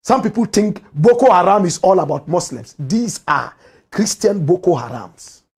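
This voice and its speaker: A man's voice: sits high, animated, normal speed, breathy edge. A man with a Ghanaian accent hosting a commentary show, delivering a heated rant full of rhetorical questions. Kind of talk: impassioned political commentary.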